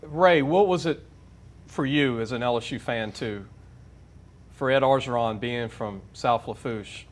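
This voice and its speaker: A man's voice: medium pitch, measured pace. A man hosting a sports talk show, chatting casually and steering guests with questions. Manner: chatty, leading questions, many restarts. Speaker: radio sports show host.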